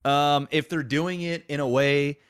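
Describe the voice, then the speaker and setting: A man's voice: fairly high pitch, steady tone, a little slow, clean tone. A man co-hosting a podcast, talking casually in a hesitant, stammering way with swearing. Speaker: podcast co-host. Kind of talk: casual chat.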